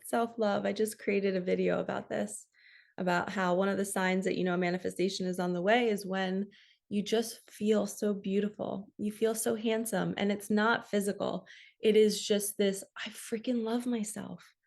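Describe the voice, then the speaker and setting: A middle-aged woman giving a heartfelt spiritual card reading, talking softly and directly to her viewers. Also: medium pitch, little pitch movement, moderate pace, vocal fry. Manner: soft, heartfelt, tearful at times.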